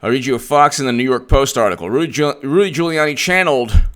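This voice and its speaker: A man giving solo political commentary, animated, acting out little scenes and restarting mid-sentence. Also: mid-range voice, fast talker.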